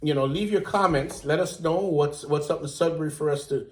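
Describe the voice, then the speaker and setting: A man hosting a casual online chat, talking in an animated, playful and emphatic way. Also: a little high, brisk. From Jamaica. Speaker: show host. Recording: roomy echo.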